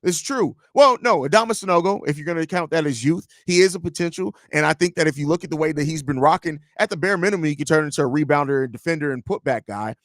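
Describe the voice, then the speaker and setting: A man's voice: a little high, fast, few pauses, no room sound, clean studio sound. A man in his thirties hosting a live sports podcast, chatting loosely and telling jokey stories with swearing. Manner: loose, joking, storytelling with swearing. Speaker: podcast host. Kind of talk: casual live-stream chat.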